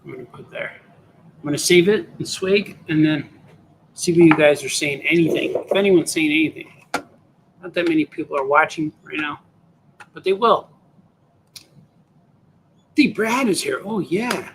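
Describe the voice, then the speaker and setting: A man's voice: fairly high pitch, normal speed, pauses often, noisy background. A middle-aged man, a cartoonist, chatting casually on a live stream while he draws, muttering to himself, trailing off and talking to his viewers. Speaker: cartoonist livestreaming while drawing.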